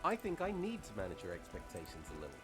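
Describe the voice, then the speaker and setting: A man's voice: on the low side, huge pitch swings, fast talker. An actor playing a hesitant, self-effacing male academic in a video game, polite and understated. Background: game music.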